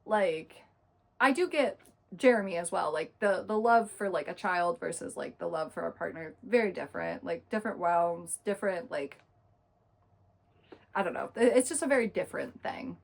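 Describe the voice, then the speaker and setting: A young woman recapping a book in a casual, chatty way, full of fillers and quick asides. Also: lowish voice, lively intonation, gravelly. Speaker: book reviewer.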